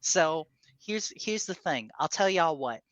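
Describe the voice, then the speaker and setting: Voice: mid-range voice, animated, measured pace, fairly bright tone, no room sound. A player doing a drawling, folksy male celebrity. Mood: persuasive.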